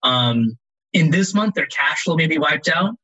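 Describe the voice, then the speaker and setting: Guy a bit high and bright, husky, kinda dull lo-fi sound, talks all animated. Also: measured pace. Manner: animated, rambling with restarts. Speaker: guest, loan advisor. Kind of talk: casual interview talk.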